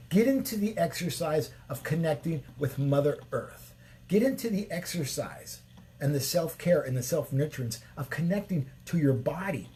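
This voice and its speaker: A man's voice: on the high side, darkish tone, a little hiss or hum. Man giving a preachy spiritual talk. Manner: preachy, repetitive chant-like phrasing, blunt and profane at times. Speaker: shamanic drum healer giving a spiritual talk. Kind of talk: unscripted spiritual talk to viewers. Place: Sedona, Arizona.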